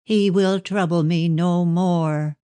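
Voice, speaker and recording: A woman voicing a thin, dramatic middle-aged clairvoyant, effusive when awake and slow and solemn in trance, in a dry audiobook reading. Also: on the low side, steady tone, warm tone, clean tone, no echo.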